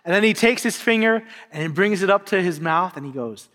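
Male pastor, high and bright, animated storytelling sermon, long church-hall reverb. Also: brisk. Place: church sanctuary.

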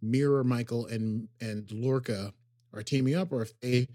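A man co-hosting a podcast, casually recapping an episode with lots of fillers and quick acted quotes. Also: mid-range voice, fairly even intonation, dark tone, dry recording, clean studio sound. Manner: rambling, filler-heavy summarizing with acted quotes. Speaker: podcast co-host.

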